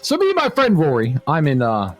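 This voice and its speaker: Male host from England, animated storyteller with a wide-ranging voice, faint music bed. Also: fairly high pitch, fairly quick. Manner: animated storyteller, acts out quotes. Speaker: podcast host. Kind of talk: casual storytelling chat.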